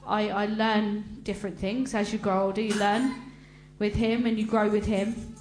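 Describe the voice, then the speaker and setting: A woman giving an emotional personal testimony to a congregation, talking earnestly and haltingly with frequent restarts. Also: mid-range voice, level tone, darkish tone, faint music behind. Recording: roomy echo with faint hum.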